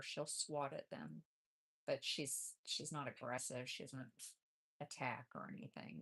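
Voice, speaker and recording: A middle-aged woman chatting casually on a craft live stream, rambling and relaxed with frequent fillers. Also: low voice.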